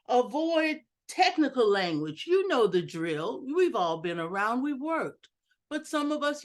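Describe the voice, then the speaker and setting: A woman giving an instructional talk over a video call, deliberate and emphatic, joking about her own lack of technical skill. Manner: deliberate, varies pitch and loudness for emphasis. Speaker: educational speaker at a club meeting. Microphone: video call computer mic.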